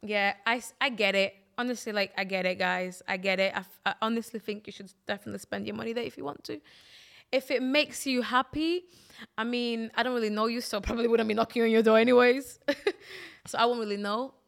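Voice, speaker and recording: Blunt, fairly high-voiced woman co-host. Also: fairly even intonation, brisk, creaky, fairly bright tone. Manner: blunt, uses lots of fillers. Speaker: podcast co-host. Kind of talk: casual chat.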